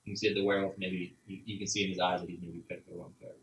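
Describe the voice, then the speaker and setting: This man's low, flat voice comes rapid-fire as he narrates as game master, casual and rambling, leaning heavily on "like." A little hiss or hum is present, and he's recorded in an echoey room from a distance.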